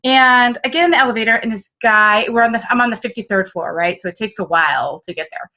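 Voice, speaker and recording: A woman's voice: a little high, quick pace, pushed and bright, rough recording. A woman from the Midwest with a Midwestern accent, telling candid, self-mocking stories in an interview. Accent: Midwestern American. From American Midwest. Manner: chatty and self-mocking, full of fillers and quoted asides. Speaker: business consultant guest.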